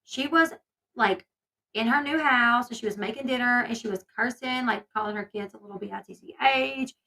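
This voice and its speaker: This woman speaks in a bright, crisp voice that sits a little higher than most. She talks casually to her viewers, stringing her thoughts together with lots of fillers. She sounds like someone venting during a gossip commentary vlog. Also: moderate pace, poor audio. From Southern United States. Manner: chatty, filler-heavy, indignant storytelling. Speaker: commentary YouTuber.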